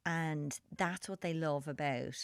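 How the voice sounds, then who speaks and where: A woman's voice: low voice, a little slow, clean tone, no echo. Chatty Irish woman, dry close sound. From Ireland. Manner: chatty, laughing, trailing restarts. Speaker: podcast host. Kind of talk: casual chat.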